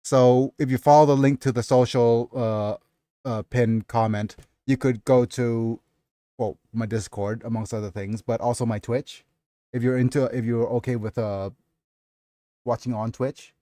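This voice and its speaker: A livestream host with a warm, steady, mid-range male voice rambles unhurriedly while answering his chat and reading aloud. The dry recording sounds close, with almost no room around it, and he drifts between points with frequent stops and restarts.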